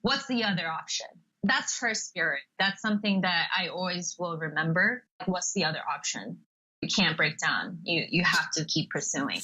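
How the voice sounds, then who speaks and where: A woman's voice: lowish voice, moderate pace, breathy edge, highs cut off. A young adult woman, a podcast guest and entrepreneur, chatting casually and acting out quoted people as she tells stories. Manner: lively storyteller, acts out quotes with laughs. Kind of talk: casual interview chat.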